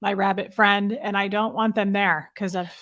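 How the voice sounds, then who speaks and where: A woman in her thirties, a guest creator, chatting candidly and quickly in a friendly way. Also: mid-range voice, fairly even intonation, fairly bright tone. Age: 30s. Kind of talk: casual conversation.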